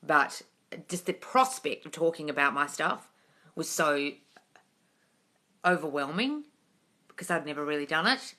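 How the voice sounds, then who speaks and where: On a casual home livestream picked up by a phone mic, a woman answers viewers bluntly and swears freely. Her deep, animated voice is pushed and bright, moving at a measured pace with long pauses.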